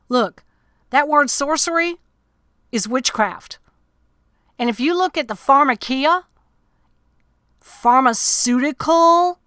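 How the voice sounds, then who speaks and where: A woman's voice: fairly high pitch, fairly bright tone, dry recording, clean studio sound. A woman ministering on radio, reading psalms and commenting emphatically, repeating key lines.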